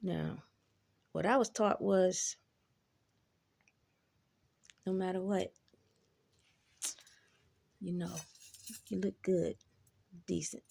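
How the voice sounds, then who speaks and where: A woman's voice: medium pitch, creaky, warm tone. A woman telling personal stories in a laid-back, rambling way, swearing freely and adding asides. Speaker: vlogger. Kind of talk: casual storytelling.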